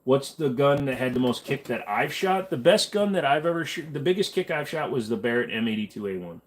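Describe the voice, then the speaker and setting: A man's voice: medium pitch, expressive, a little fast. Rambling, laid-back male streamer. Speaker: host. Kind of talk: casual livestream chat.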